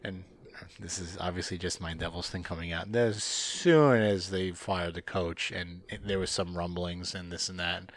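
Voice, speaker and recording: A man's voice: sits low, steady tone, moderate pace, dry recording. A man hosting a casual sports podcast, rambling and joking, often breaking into laughter. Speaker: podcast host. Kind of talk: casual hockey chat.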